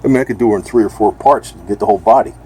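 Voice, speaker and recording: A man's voice: on the low side, very fast, dark tone, slight background noise. A man talking casually and bluntly in a rambling home video, now and then speaking to his cat. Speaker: vlogger.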